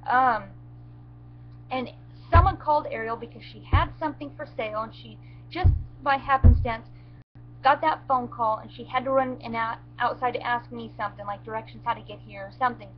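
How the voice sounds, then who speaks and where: A woman with a slightly high voice, telling her story in a halting, shaken way with many restarts. The sound is muffled, with a faint hum underneath. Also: steady tone. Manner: halting, shaken retelling with restarts and near tears. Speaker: goat owner telling what happened. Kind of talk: emotional first-person storytelling.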